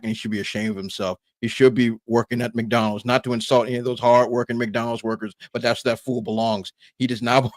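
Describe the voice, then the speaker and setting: A man's voice: mid-range voice, dry recording. Co-host guy, mid voice, keeps repeating his point all indignant, dry close mic. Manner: emphatic, repetitive, indignant. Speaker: podcast co-host. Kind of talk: casual chat.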